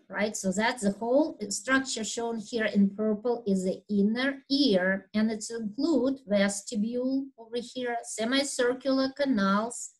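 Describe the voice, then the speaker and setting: Slow, loud-spoken woman lecturing on anatomy. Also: fairly high pitch, poor audio. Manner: unhurried, explanatory, with fillers and throat clearing; talks loudly by habit. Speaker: anatomy instructor. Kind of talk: recorded video lecture.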